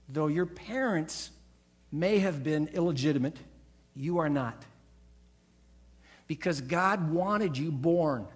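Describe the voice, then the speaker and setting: A pastor's fairly high, ringing voice fills the church sanctuary as he delivers his sermon. He stresses each point emphatically and performs the voices he quotes. The congregation follows him in call-and-response.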